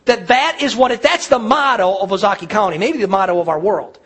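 A man's voice: sits high, a little fast, a bit bright, breathy edge. A man preaching a sermon in a church, talking in an earnest, conversational way. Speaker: pastor. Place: church sanctuary.

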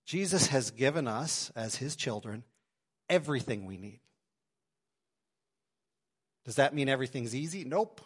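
A man's voice: fairly high pitch, lively intonation, normal speed, long pauses. Man preaching a dynamic sermon. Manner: dynamic preaching, swings between loud emphasis and quiet asides. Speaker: pastor. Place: church sanctuary.

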